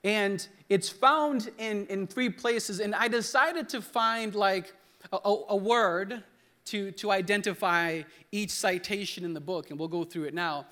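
Here the young preacher speaks at a measured pace in a high voice that sounds pushed and bright. In the church hall, his sermon is casual and humorous, full of restarts, and he prompts the congregation to repeat words after him.

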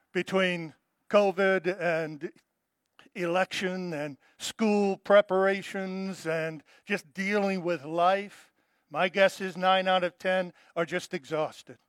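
A male pastor preaching a sermon in an emphatic style. He repeats his key phrases and drops to a soft, low tone to stress them. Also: no echo.

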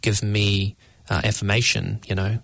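A young man, answering interview questions about his art in a measured, thoughtful way, often searching for words. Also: on the low side, little pitch movement, creaky, fairly bright tone, no echo. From New Zealand. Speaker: guest artist.

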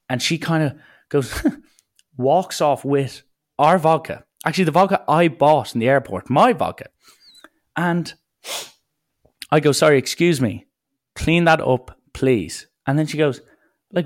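A man's voice: medium pitch, normal speed. A young man telling a casual, rambling anecdote and acting out the people in it. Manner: lively, jumps into quoted voices, rambling asides. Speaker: storyteller.

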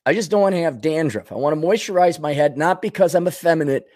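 A man hosting a podcast, rambling through a casual comedic monologue, going from low mutters to sudden outbursts. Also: lively intonation, fast, a little mellow. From Minnesota. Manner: rambling, wisecracking, swings between mutters and outbursts. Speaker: podcast host.

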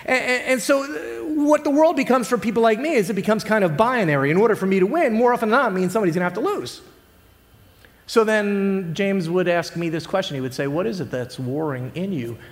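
A man with a high voice delivers a sermon as a pastor. His preaching is earnest and conversational, full of rhetorical questions put to the congregation. His voice rings out with the long reverb of a large church hall. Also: lively intonation, quick pace.

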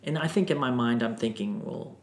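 Male storyteller, animated and emotional, podcast guest, mid pitch, echoey room. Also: a little fast, vocal fry. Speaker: guest singer. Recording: roomy echo.

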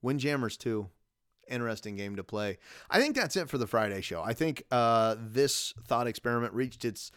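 A man's voice: mid-range voice, expressive, normal speed, fairly bright tone, clean tone, no room sound, clean studio sound. A man in his thirties hosting a casual solo podcast, rambling and self-deprecating, laughing often as he talks. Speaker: podcast host.

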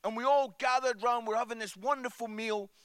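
A man preaching a sermon at a church service, animated, swinging from hushed tones to loud emphasis and often adding "yeah?" at the end of lines. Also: very high voice, fairly quick, clear, resonant tone, no room sound, clean studio sound.

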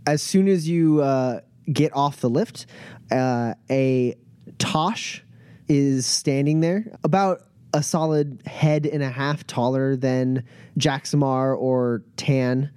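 A man narrating as game master of a tabletop role-playing game, describing scenes with many filler pauses. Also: mid-range voice, darkish tone, clear, resonant tone, no room sound.

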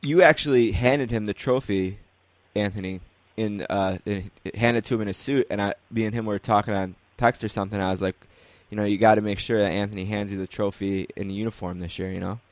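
Man, podcast host, low voice, dry close sound, relaxed rambling talk. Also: fairly quick, no echo. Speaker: podcast host interviewing players. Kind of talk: casual interview chat.

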